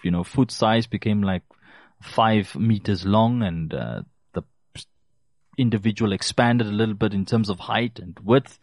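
A man's voice: on the low side, unhurried, darkish tone, no echo, studio quality. A man giving consumer advice, talking directly to listeners and repeating key phrases for emphasis. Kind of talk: casual advice talk to listeners.

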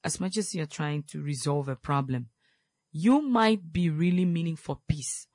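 A man's voice: fairly high pitch, a little slow, a little mellow, dry recording, studio quality. A man hosting an advice show, speaking earnestly about family conflict and repeating his key points for emphasis. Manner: quotes scripture, then explains it plainly. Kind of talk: advice talk.

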